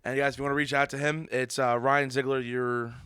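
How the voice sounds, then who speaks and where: Man, podcast host, hoarse voice, breathless from laughter, dry close mic. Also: mid-range voice, little pitch movement, fairly quick, a bit bright, no echo. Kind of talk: casual chat.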